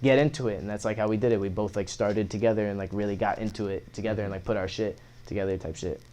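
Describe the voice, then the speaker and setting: A young man, a guest musician in a casual interview, telling stories in loose slang with lots of swearing and animated retellings. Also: lowish voice, quick pace.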